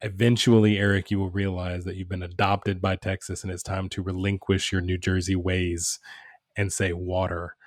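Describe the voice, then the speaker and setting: Low-voiced man in casual podcast chat. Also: flat delivery, moderate pace, dry recording, clean studio sound. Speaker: podcast co-host.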